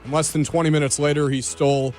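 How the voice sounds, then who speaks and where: A man's voice: a little high, flat delivery, quick pace, a little mellow, faint music behind. A man on a sports radio show reading out a strange news story with wry wordplay. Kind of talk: reading an odd news item with puns.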